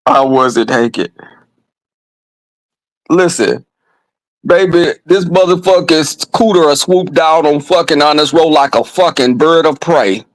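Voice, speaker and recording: A man's voice: a little high, a little slow, pauses often, no room sound, low-quality recording. A man vlogging, telling crude comedic stories to his viewers in a flamboyant, brash way with lots of swearing.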